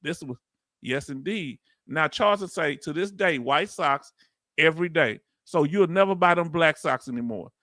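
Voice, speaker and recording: A middle-aged U.S. man streams on YouTube, responding to a hearing and reading out comments in a casual, joking way while referring to viewers as family. His fairly high voice is a bit bright, with lively intonation and a normal pace, recorded dry at studio quality.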